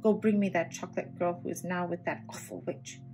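A woman's voice: fairly low pitch, steady tone, brisk, music in the background, lightly acted. A woman voicing a demanding dwarf who was once king of the forest in a read-aloud storybook.

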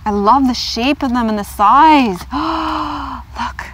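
A woman host chatting casually in her vlog as she unboxes gifts in a car, gushing and gasping with excitement. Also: fairly high pitch, normal speed, slight background noise. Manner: gushing, excitable, gasps and squeals with delight. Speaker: yoga vlogger.

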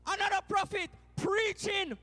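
Jamaican male preacher, very high and bright, church sermon that jumps between hushed and shouted. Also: fairly even intonation, a little slow, big-room sound. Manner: swings from low, hushed storytelling to loud shouted preaching. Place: church sanctuary.

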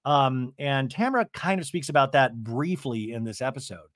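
A man hosting a podcast, recapping a reality show in a chatty, animated way and swearing casually. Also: medium pitch, moderate pace, dry recording, clean studio sound. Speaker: podcast host.

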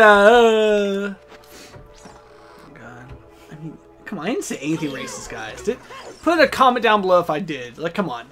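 Young guy ranting over a game, bright kinda high voice, swears a ton. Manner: loud, profane, quick frustrated outbursts. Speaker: let's play host. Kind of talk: casual gameplay commentary.

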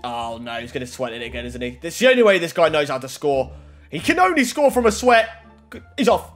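An excitable young man narrates his football game as he plays, pleading with the screen and chatting to his viewers. His voice sits high and swings up and down a lot. Soft game music plays underneath. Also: fast talker. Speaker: gaming YouTuber. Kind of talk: gameplay commentary.

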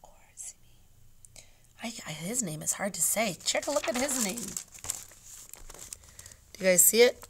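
A woman teacher reading a chapter book aloud to her class, narrating softly, often in a whisper, then turning animated when she asks the class questions. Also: mid-range voice, normal speed, pauses often, background noise.

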